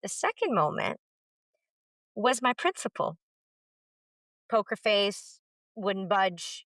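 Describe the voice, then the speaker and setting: A woman's voice: mid-range voice, takes it slowly, dry recording. A woman who teaches middle school, a podcast guest telling her story candidly and with animation. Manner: emphatic, animated, acts out quoted dialogue.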